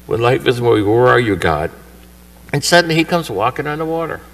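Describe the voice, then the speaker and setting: Delivering a homily at Mass in a church shrine, a priest narrates conversationally and voices the characters' lines with energy. He speaks fairly quickly in a medium-pitched, expressive, slightly bright voice, recorded from a distance from the mic.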